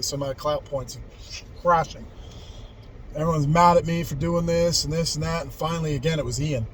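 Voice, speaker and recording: A man in his forties tells a story from his own youth in a loose, rambling way. His voice sits a little on the high side, and he swears freely and restarts his sentences. A faint hum of background noise runs underneath. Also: quick pace, rough recording. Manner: rambling and candid, with frequent profanity and restarts. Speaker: vlogger telling life stories. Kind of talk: casual personal storytelling.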